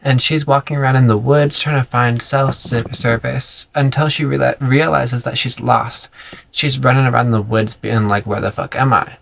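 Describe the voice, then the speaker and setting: Sarcastic gravelly-voiced man recapping a book. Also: medium pitch, steady tone, moderate pace, slight background noise. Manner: sarcastic, profane. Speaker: book vlogger. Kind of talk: casual vlog recap.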